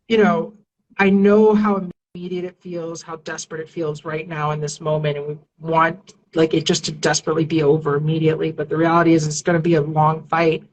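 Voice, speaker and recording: A woman's voice: fairly low pitch, low-quality recording. A woman civil rights attorney as a podcast guest, talking earnestly and reassuringly with many fillers and restarts. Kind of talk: casual interview talk.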